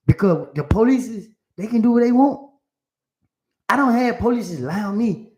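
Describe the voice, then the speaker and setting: A man talks to an audience in loose vernacular, often doubling up his words as he tells his story. His voice sits a little high for a man. The room has an open echo. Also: moderate pace. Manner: animated, repeats words, vernacular speech. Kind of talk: casual spoken storytelling. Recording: roomy echo.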